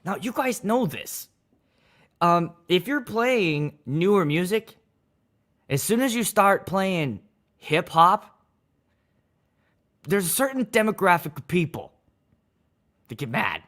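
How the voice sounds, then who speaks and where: A man's voice: high-pitched, sing-song, takes it slowly, pauses often, fairly bright tone. A man hosting a casual livestream, talking loosely and energetically, greeting viewers and swearing freely. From Pittsburgh area. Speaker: wedding DJ and livestream host.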